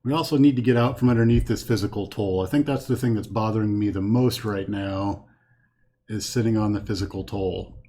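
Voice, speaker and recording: A man's voice: fairly low pitch, steady tone, a little fast, dark tone. A man hosting a solo card game playthrough, thinking aloud as he counts cards and weighs each move from a home setup with a green screen. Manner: thinks aloud, counts cards, talks himself through choices. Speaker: host playing a card game.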